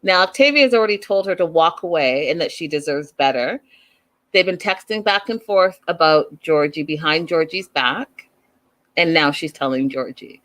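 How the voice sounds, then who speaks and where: A woman's voice: on the low side, fairly bright tone. A woman hosting a casual recap show, chatty and opinionated, firing off rhetorical questions. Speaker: host.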